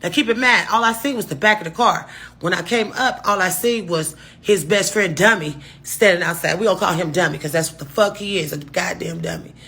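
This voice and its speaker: A woman spins a rambling, profane storytime for her viewers, doubling back to correct herself. Her voice is husky yet bright and edgy. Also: fairly low pitch, fairly quick. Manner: profane, rambling, restarts and asides. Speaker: storytime vlogger. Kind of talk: casual storytime monologue.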